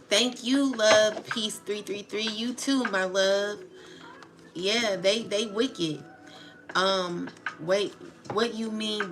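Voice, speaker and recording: A woman streaming live, ranting in agitated, profane casual slang and often asking "you know what I'm saying". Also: medium pitch. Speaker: tarot channel livestreamer. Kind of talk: emotional livestream rant. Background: background music.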